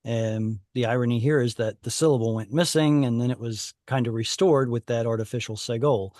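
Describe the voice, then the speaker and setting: A man teaching a Hebrew class online over a video call, explaining patiently and thinking aloud with pauses. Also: mid-range voice, a little mellow, no echo, clean studio sound.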